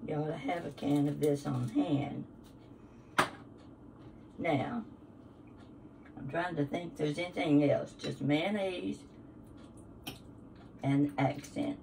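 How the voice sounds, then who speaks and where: This older woman's low voice moves slowly, with frequent pauses, as she chats homespun-style through a home cooking demo. She's far from the mic, and background noise mixes with kitchen sounds and clinking dishes and utensils.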